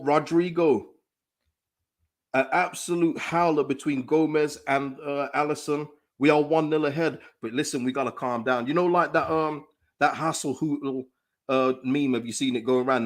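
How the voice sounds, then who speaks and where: A man hosting a live football watchalong stream, chatting casually, reading out viewers' comments and laughing often. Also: medium pitch. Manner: excitable, reads out chat comments, laughs often. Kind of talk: casual live reaction chat.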